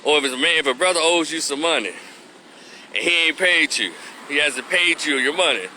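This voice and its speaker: A man's voice: fairly high pitch, animated, fairly quick, bright, forceful tone, a little hiss or hum. A man from Memphis with a Memphis Southern accent, giving a casual opinion monologue in loose, rhythmic street talk. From Memphis, Tennessee. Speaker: commentary vlogger.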